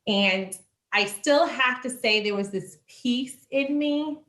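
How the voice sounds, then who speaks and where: Woman, fairly high voice, animated storytelling, echoey room. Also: slow. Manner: animated, acts out quoted voices, laughs often. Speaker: church member sharing testimony. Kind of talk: personal testimony, casual storytelling.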